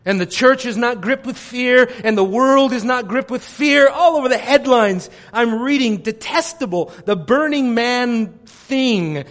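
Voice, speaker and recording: Male pastor, high-pitched, fervent sermon delivery with sharp swings in loudness. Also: a little slow, hardly any pauses. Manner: impassioned preaching, swinging from loud declarations to hushed near-whispers.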